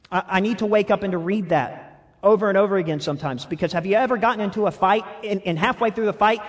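A young adult man preaching a sermon, animated and laughing often, swinging between loud outbursts and soft asides. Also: sits high, fast. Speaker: pastor.

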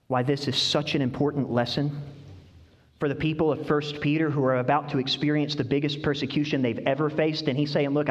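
A middle-aged male pastor preaching a sermon, telling stories animatedly and sometimes acting them out with high cries. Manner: animated storytelling, acts out voices with high-pitched cries. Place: church hall. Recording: dull sound, long hall reverb.

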